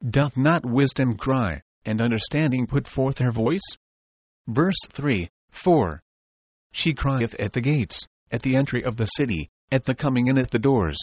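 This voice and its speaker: A man reading an old religious treatise aloud, in slow and deliberate phrases with pauses. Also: medium pitch, dry recording, muffled recording. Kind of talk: measured reading of a sermon text.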